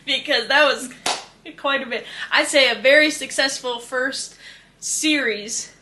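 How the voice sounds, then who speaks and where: A woman's voice: sits high, a little slow, background noise. A young woman hosting a podcast, laughing often and swearing while she wraps up the episode. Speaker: podcast host. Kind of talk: casual chat.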